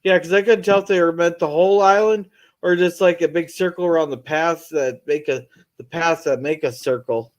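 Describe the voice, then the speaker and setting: A man's voice: a little high, fairly even intonation, normal speed. A man chatting as a panelist, asking questions and pointing things out. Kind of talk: casual chat.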